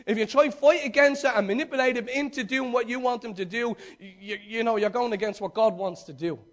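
A man's voice: extremely high pitch, brisk. A male preacher giving a sermon, retelling a story with emphatic repetition and direct questions to the congregation.

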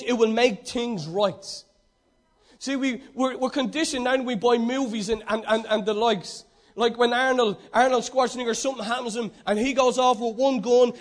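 A man preaches a sermon in a strikingly high voice for a man. He stresses his points and circles back to repeat them. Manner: emphatic, repeating key phrases.

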